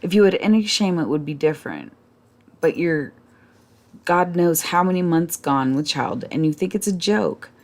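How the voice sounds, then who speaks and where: A woman's voice: expressive, measured pace, gravelly, mellow, exaggerated voice. A woman voicing a tearful, scolding young nurse who reproaches her friend. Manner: shrill, scolding, sobbing.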